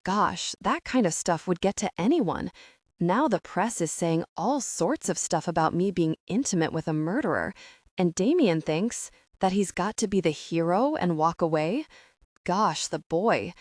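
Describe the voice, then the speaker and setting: A woman's voice: lowish voice, lively intonation, a little slow, dry recording, studio quality. A woman voicing a blunt, direct older woman friend in an audiobook. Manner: direct, brusque.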